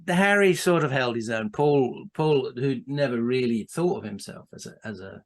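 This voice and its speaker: A man's voice: mid-range voice, lively intonation, normal speed. A man, a podcast guest, telling a casual anecdote with frequent restarts, asides and laughter.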